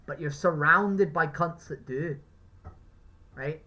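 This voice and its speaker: A man's voice: fairly high pitch, slow, sharp tone, poor audio. A man with an Irish accent, a street activist talking someone round, emphatic and profane, who keeps asking "right?". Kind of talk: persuasive street conversation.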